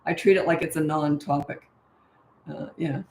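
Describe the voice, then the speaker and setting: A middle-aged woman who coaches parents, answering viewer questions in a breezy, matter-of-fact way and acting out parent lines in a bright sing-song. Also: low voice, fairly even intonation, normal speed, vocal fry, slight background noise. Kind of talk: casual Q&A livestream. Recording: echoey room.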